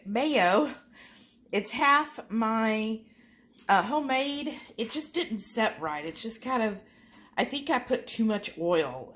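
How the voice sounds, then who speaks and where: Lady food vlogger, slow easy talk, chatty and folksy in her kitchen. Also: medium pitch, a little hiss or hum. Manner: chatty, folksy, warmly addresses viewers as y'all. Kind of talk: casual vlog chat.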